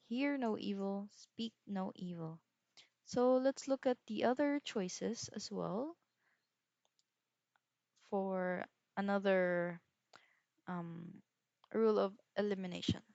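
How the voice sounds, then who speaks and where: A woman's voice: medium pitch, darkish tone, dry recording, lo-fi sound. A woman teacher with a Filipino accent, explaining exam questions step by step with examples. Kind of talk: lesson.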